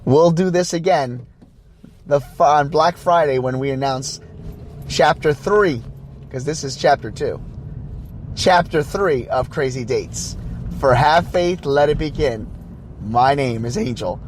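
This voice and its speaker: A man hosting a podcast, telling a dating story casually in an animated way, stumbling and restarting as he acts out the dialogue. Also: on the high side, unhurried, slight background noise. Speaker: podcast host.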